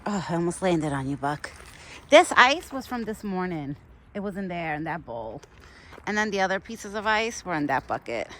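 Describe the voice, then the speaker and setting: In this casual outdoor vlog, a young woman feeds a wild deer in the cold, rambling and laughing frequently. She speaks at a moderate pace in a fairly low, very animated voice that sounds pushed and bright, and there's a bit of hiss or hum.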